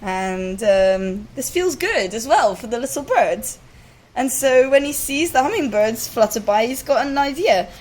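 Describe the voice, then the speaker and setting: A woman telling a folk tale live, relaxed and chatty with asides to her listeners. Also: fairly high pitch, a little slow, low-quality recording. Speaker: storyteller. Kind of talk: live oral storytelling.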